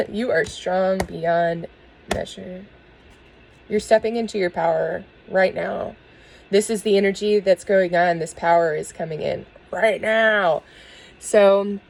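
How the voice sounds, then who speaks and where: A woman giving a spiritual tarot reading and talking earnestly to her viewers, soft and emotional, with small laughs. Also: mid-range voice, poor audio. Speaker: tarot reader.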